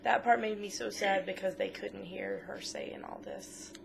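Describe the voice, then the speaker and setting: A woman chimes in on a casual podcast with short, eager agreements and gushing reactions. Her voice has a gravelly edge and leaps around in pitch. Her manner stays that of an enthusiastic co-host. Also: wildly swooping pitch, a little slow, background noise. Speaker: co-host of a mother-daughter podcast. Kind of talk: casual chat.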